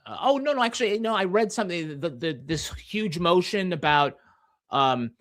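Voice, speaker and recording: A man's voice: sits high, expressive, moderate pace, fairly bright tone, dry recording. A man from Massachusetts with a Boston accent, a guest author in casual podcast conversation who tells stories at length and plays along with teasing.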